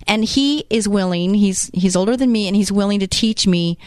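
In a dry, clean studio recording, a woman in her late fifties hosts a faith-based talk show at a moderate pace with a medium-pitched voice. She speaks earnestly and encouragingly, at times acting out the voices of doubters.

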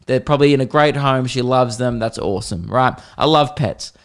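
Sarcastic, foul-mouthed comic podcast host. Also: male voice, medium pitch, normal speed. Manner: crude, sarcastic ranting with frequent swearing. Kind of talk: comedic solo podcast monologue.

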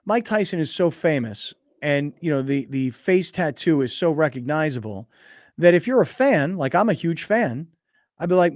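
A man hosting a sports radio show, telling stories in an animated way and acting out the scenes. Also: fairly high pitch, a little fast, no echo, clean studio sound. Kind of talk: casual sports talk.

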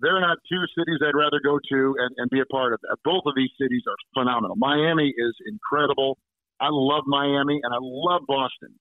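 A man's voice: mid-range voice, fairly quick, dry recording. A man calling in as a guest, chatting casually with lots of restarts and fillers. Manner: rambling, warm storyteller with many restarts. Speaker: guest sportscaster. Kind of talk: casual chat by phone. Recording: tinny phone line.

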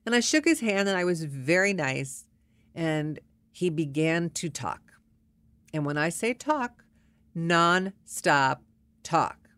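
A woman's voice: lowish voice, expressive, slow, fairly bright tone. A woman telling a personal story in a casual, wry and exasperated way.

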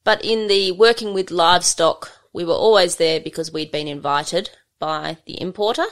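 Australian woman, low voice, gravelly, relaxed rambling storyteller. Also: moderate pace. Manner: relaxed, rambling, many fillers. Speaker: livestock handling trainer. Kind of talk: conversational storytelling.

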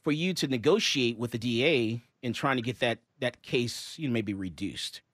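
Speaking in a mid-range voice at normal speed, this talk show host, who is also a handgun license instructor, spins stories with acted-out dialogue and lots of laughter in a relaxed radio chat. The sound is studio quality with no echo.

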